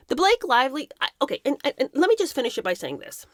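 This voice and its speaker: A woman's voice: high voice, very animated, fast talker, few pauses, no room sound, studio quality. A woman in her thirties hosting impassioned commentary, talking emphatically and indignantly, sometimes mocking the people she talks about. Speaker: commentary host.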